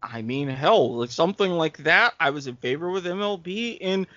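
A man co-hosting a casual sports podcast, explaining rules in a halting way with fillers, on dull, dry lo-fi audio. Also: a little high, animated, bright, forceful tone, no echo. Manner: halting, thinks aloud with fillers. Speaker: co-host.

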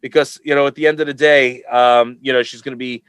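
A man in the middle of his range co-hosts a casual advice chat, pushing his points hard and getting animated when he makes them. His voice sits close and dry on the mic, with no room sound around it. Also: mid-range voice, fairly quick, smooth, no room sound. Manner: animated, emphatic, swears freely. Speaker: podcast co-host.

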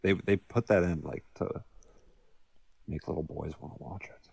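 A man's voice: deep voice, steady tone, normal speed, creaky, warm tone, husky, no echo. A married man co-hosting a casual movie podcast, joking and teasing, laughing often. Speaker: podcast co-host. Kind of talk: casual movie-commentary chat.

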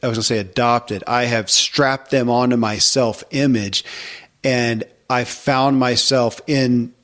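A man hosting a podcast, speaking reflectively with halting restarts. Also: medium pitch, fairly even intonation, a bit bright. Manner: thoughtful, halting, with repeated restarts. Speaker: podcast host. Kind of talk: reflective conversation.

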